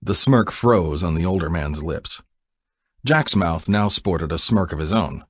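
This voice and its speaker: A man reading an audiobook in steady scripted narration. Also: low voice, unhurried, breathy edge, no room sound, studio quality.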